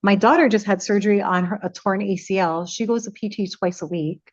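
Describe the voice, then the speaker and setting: A woman's voice: medium pitch, a little fast. A middle-aged woman, a radio personality telling a story in casual conversation and acting out the dialogue. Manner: animated retelling, acting out quoted dialogue. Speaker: radio personality, podcast guest. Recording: slightly muffled, lo-fi sound.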